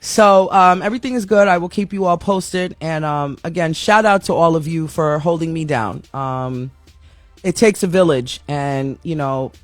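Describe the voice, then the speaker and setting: A woman's voice: low voice, normal speed, dry recording. A woman talks straight to her audience from her home studio, open and self-mocking, and she laughs easily. The sound is dry and close, with a little music playing faintly underneath. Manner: candid and self-deprecating, laughs often. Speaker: talk show host. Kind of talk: casual chatty monologue.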